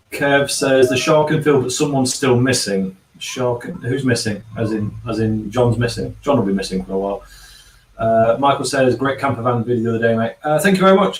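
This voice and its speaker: Chatty man in an echoey bar. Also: mid-range voice. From England. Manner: chatty, hums filler syllables while scrolling comments. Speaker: livestream host reading chat. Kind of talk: casual chat. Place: bar and kitchen. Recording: echoey room, from a distance.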